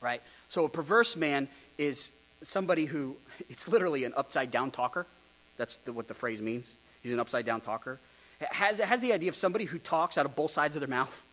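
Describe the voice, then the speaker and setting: A male pastor preaching an expository sermon, animated and rhetorical, with ironic asides to his congregation. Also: fairly high pitch, a little fast.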